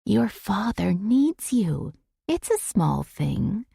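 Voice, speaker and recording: A woman's voice: mid-range voice, very animated, takes it slowly, creaky, warm tone, husky, dry recording, studio quality, voice pushed up, heavily acted. A woman doing a stern, firm older woman.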